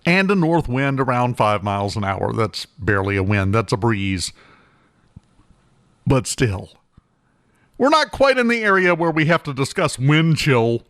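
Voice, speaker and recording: Wry radio host, lively voice. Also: male voice, medium pitch, unhurried, dry recording, studio quality. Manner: wry, joking asides. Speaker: radio talk show host. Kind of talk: morning radio talk, reading the weather. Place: radio studio. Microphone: close studio mic.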